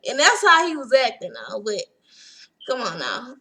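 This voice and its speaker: A woman's voice: fairly high pitch, huge pitch swings, normal speed, pushed and bright. A young woman giving a chatty, sassy recap of a reality show episode and acting out what the cast said. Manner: chatty, sassy, acts out quotes. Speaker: TV recap vlogger.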